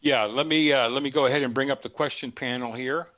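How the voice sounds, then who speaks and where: A man co-hosting a trading webinar, relaying audience questions with quick upbeat remarks. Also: medium pitch, fairly even intonation, fairly bright tone, muffled recording. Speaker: co-host taking questions.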